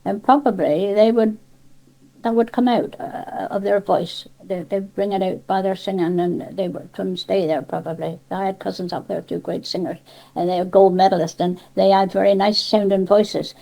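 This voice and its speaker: A woman's voice: mid-range voice, fairly even intonation, moderate pace, creaky, mellow, poor audio. An older woman from Cornwall with a Cornish accent, chatting in an interview about dialect, rambling with many restarts and asides. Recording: cassette tape.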